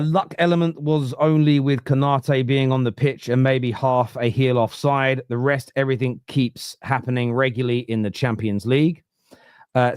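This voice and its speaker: A man's voice: mid-range voice, a little mellow, clean tone, dry recording. Chatty male live-stream host, dry mic. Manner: chatty, reads out viewer messages. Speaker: show host. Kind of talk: live stream match reaction.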